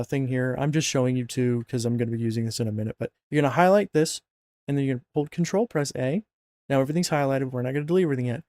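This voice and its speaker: A man's voice: mid-range voice, dark tone, no room sound. A man casually talking through a mod install on a screen recording, rambling and joking with lots of fillers and self-corrections, a bit sleepy. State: yawning, sleepy. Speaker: mod install tutorial narrator.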